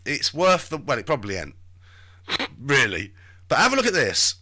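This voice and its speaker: A man's voice: mid-range voice, huge pitch swings, moderate pace, bright, forceful tone. A man hosting a live stream, chatting and muttering to himself in rambling commentary. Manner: chatty, talks to himself while searching.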